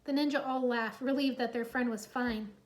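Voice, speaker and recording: A woman narrating a children's adventure story in a lively, expressive read-aloud. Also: on the high side, normal speed.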